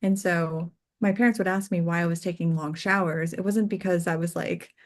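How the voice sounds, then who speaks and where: A woman working as a death doula, guest on an interview show, telling personal stories earnestly, full of "like" fillers, her voice going soft and quiet on tender points. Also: lowish voice, fairly even intonation, moderate pace. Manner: earnest and heartfelt, peppered with "like" fillers. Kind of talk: casual interview storytelling.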